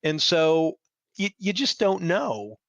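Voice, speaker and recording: Lively older man telling stories. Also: slow pace, creaky, no room sound. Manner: animated, acts out quoted exchanges in a higher voice. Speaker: podcast guest. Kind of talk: storytelling interview chat.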